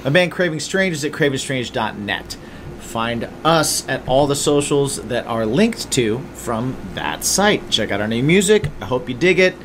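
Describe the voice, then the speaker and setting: A man co-hosts a casual podcast, chatting loosely, stringing thoughts together with plenty of likes and ums. His voice sits at an ordinary middle pitch, and a faint hum runs behind it. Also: big pitch swings, moderate pace, fairly bright tone. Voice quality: loose, chatty, lots of fillers. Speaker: podcast co-host.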